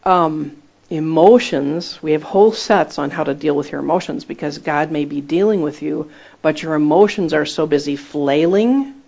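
A woman's voice: low-pitched, moderate pace, creaky. A woman minister giving an informal, chatty sermon to a group, mixing teaching with personal stories. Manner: lively, chatty, laughs at her own stories. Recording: dull lo-fi recording.

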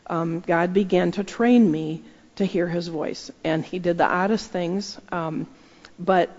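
Woman preacher, gravelly edge, chatty storyteller; dull recording with a long hall echo. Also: lowish voice, dark tone. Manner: conversational, acts out her own inner dialogue. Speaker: speaker giving a testimony. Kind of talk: storytelling sermon.

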